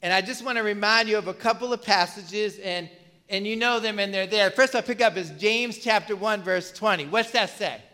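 Speaking at a normal speed, a male pastor with a bright, high voice preaches in a relaxed, chatty style. He often questions the congregation and stumbles on repeated words, his voice echoing with a church hall's long reverb.

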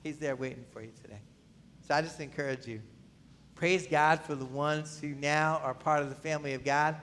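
A man preaching a sermon as pastor, calling questions out to the congregation and swinging from pleading cries to low, quiet lines. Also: fairly even intonation, a little fast, a little hiss or hum. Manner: pleading, rising to near-shouts, then dropping low. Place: church.

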